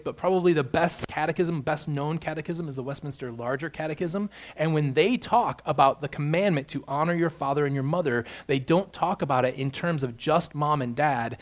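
A man preaching an expository sermon, building emphasis on key points as he walks through scripture. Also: fairly high pitch. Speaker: pastor.

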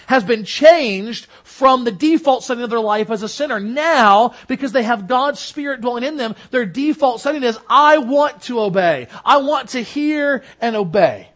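Casting: high-pitched male pastor, earnest sermon delivery, swells and soft drops. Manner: earnest preaching, rising for emphasis and dropping to soft low endings.

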